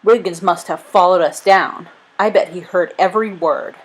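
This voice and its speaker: A woman reading a storybook aloud, voicing a defiant young male sailor who speaks loudly and forcefully. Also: lowish voice, normal speed, breathy edge, poor audio.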